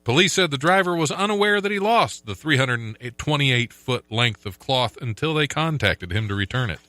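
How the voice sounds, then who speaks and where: A man's voice: mid-range voice, expressive, moderate pace, pushed and bright, no room sound. A man hosting a casual podcast, reading odd news stories aloud, laughing often and tripping over names. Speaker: podcast host.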